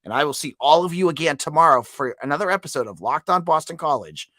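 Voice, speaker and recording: A male podcast host with a froggy, stuffed-up voice from a head cold talks through his show in a loose, chatty way. His pitch swings lively up and down, and the sound is close and dry with no room around it. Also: fast, no echo. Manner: chatty, repeats words, asks "right?". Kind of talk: casual sports podcast monologue.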